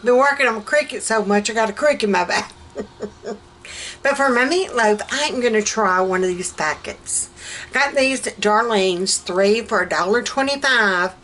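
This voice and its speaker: A woman's voice: a little high, normal speed, a bit bright, a little hiss or hum, rough recording. A middle-aged woman with a Southern American accent, chatting folksy and cheerfully through a home cooking vlog in her kitchen, laughing often. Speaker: vlogger. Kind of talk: casual cooking vlog chat.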